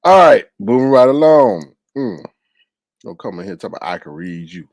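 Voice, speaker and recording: A man's voice: normal speed, vocal fry, dry recording, highs cut off. A man hosting a live stream, chatting casually, telling stories and teasing viewers in the comments. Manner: animated, jumps into high exaggerated voices when quoting people; reads viewer comments aloud and teases them. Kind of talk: casual storytelling chat.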